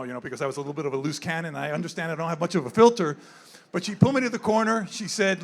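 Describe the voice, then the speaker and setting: A man in his sixties who works with zoo animals gives a candid, rambling, off-the-cuff speech at a gala, holding a handheld mic in an indoor event room. His voice sits high, with lively intonation and a rapid-fire delivery, and he tends to repeat himself.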